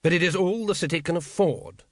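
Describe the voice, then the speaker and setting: A man's voice: on the high side, sing-song, unhurried, a bit bright, no room sound, studio quality, exaggerated voice. A man voicing a cold, brusque city ruler who speaks in clipped, firm tones.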